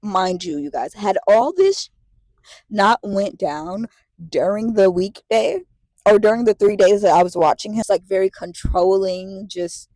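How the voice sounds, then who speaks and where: A woman in her late twenties telling a story to the camera, animated and profane, repeating herself as she vents. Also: mid-range voice, a little slow, no echo, poor audio. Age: late 20s. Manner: animated, profane, repetitive venting. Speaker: vlogger.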